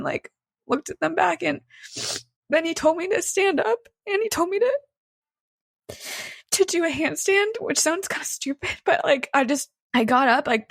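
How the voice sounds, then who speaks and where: A young woman recounting a painful personal story in a halting, candid way, full of "like" and false starts. Her voice sits in an ordinary middle register. The sound is dry and close, with no room around it. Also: mid-range voice, dry recording. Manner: halting, frequent "like" fillers and restarts, emotional recounting. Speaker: guest recounting a personal experience.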